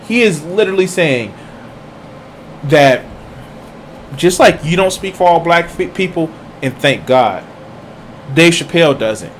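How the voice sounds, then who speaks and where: A man delivers profane reaction commentary in a somewhat high voice. He is heated and mocking, cursing in nearly every line. A faint hiss sits behind him. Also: lively intonation, unhurried, pauses often. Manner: heated, mocking, swears constantly. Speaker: streamer reacting to videos.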